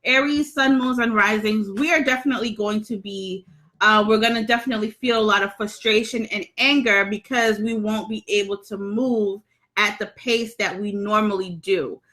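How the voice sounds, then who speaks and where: Bright-voiced chatty woman. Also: medium pitch, fairly even intonation, moderate pace. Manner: chatty, laughs often, frequent ums. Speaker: astrologer hosting a livestream. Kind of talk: casual livestream chat reading comments. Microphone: phone.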